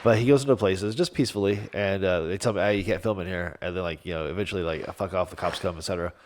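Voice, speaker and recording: A man's voice: deep voice, rapid-fire, darkish tone. A man hosting a casual podcast, rambling and stacking up fillers as he talks. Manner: rambling, full of fillers and restarts. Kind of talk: casual comedic chat.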